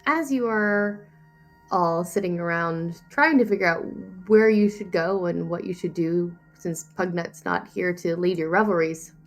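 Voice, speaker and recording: A woman's voice: lowish voice, a little slow, faint music behind. A woman narrating as game master of a tabletop game, storytelling with an easy flow and frequent fillers.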